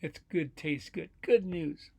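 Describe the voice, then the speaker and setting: Man reading as a sunny, eager storybook rabbit, slightly high, gravelly edge. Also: slow, slight background noise. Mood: cheerful. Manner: upbeat, eager. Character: cheerful optimistic male cartoon rabbit.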